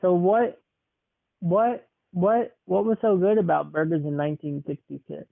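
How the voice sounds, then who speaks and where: A man's voice: high voice, fairly even intonation, creaky. Playful young man on a thin line. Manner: playful, asks quick questions. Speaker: podcast host interviewing his grandmother. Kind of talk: casual chat. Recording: tinny phone-like sound.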